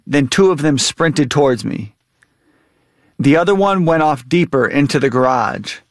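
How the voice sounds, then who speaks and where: A man in his thirties, a guest author, reading from his memoir and answering interview questions in an earnest, measured way. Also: mid-range voice, dry recording.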